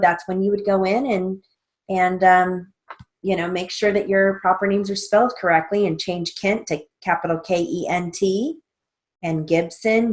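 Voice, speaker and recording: A middle-aged woman teaching steno theory, dictating sentences slowly and spelling out names letter by letter. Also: fairly low pitch. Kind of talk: slow dictation and explanation.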